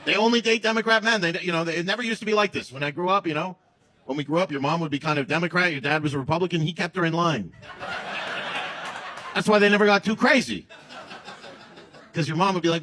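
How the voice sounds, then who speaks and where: A man's voice: a little high, quick pace, pauses often, bright, forceful tone. A man doing a stand-up comedy set, crude and mocking, swearing often. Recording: noisy live show recording.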